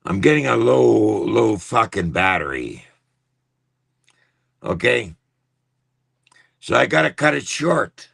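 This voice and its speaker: Gravelly man ranting heatedly on livestream. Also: on the low side, big pitch swings, slow pace, long pauses, a bit bright, no echo, studio quality. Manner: profane, repetitive, heated. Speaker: livestream host. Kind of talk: angry livestream rant. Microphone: phone.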